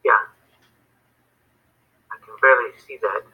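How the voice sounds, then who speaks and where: Hesitant male student, slow and husky, heard over a tinny phone call. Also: medium pitch, steady tone. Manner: hesitant, halting, many fillers. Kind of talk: casual lesson, answering questions.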